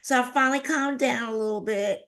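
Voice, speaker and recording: A woman giving a keynote talk, telling a personal story in an animated way and acting out the dialogue. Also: on the high side, fairly quick. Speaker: keynote speaker.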